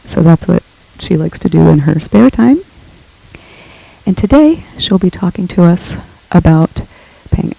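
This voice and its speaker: Gravelly man introducing a speaker. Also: a little high, dark tone, no room sound, low-quality recording. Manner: formal, reads a prepared introduction. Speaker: lecture series host.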